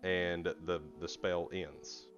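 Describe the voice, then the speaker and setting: A man's voice: sits low, steady tone, slow pace, fairly bright tone, lo-fi sound, faint music behind. A man narrating as game master of a tabletop game, laid-back, with fillers and laughs.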